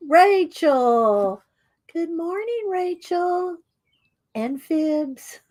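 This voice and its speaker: A high-voiced, middle-aged woman chats through a live art stream. She drawls slow greetings to viewers one by one and laughs easily between her words. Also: a bit bright.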